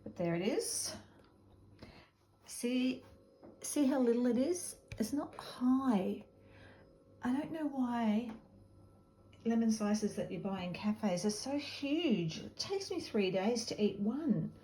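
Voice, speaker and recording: A woman's voice: on the high side, animated, takes it slowly, mellow, slight background noise. A woman with an Australian accent chatting casually to camera in her home kitchen, rambling from one thing to the next and laughing often. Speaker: vlogger. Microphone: camera set down nearby. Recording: echoey room.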